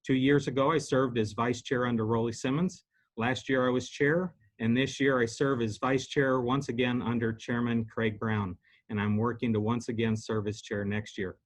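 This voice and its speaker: A middle-aged man from Arizona reads a prepared campaign statement. He sounds earnest and uses the odd filler word. His voice is mid-pitched. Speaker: county supervisor candidate.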